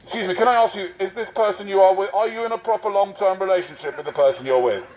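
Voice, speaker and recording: A man's voice: high voice, quick pace, a little mellow. A man posing as a covid marshal on a city street, teasing passers-by in a mock-officious way. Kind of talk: satirical street performance. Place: busy city street outdoors. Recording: dull lo-fi street recording.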